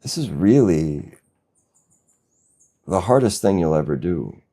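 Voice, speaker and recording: Deep, mellow-voiced spiritual teacher. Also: male voice, very animated, slightly rough. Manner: slow, gentle, reflective, with soft laughs. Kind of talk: satsang talk.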